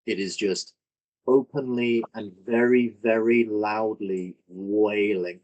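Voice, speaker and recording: Slow, low-voiced game master. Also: male voice, fairly even intonation, a little mellow, lo-fi sound. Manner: descriptive, many fillers and self-corrections. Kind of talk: improvised tabletop narration.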